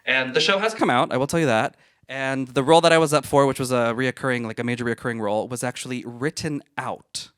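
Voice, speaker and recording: A man on a film panel, telling a story about his own work in a candid, animated way. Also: mid-range voice, fast, smooth. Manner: candid, animated, recounts with emphasis. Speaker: actor, panelist.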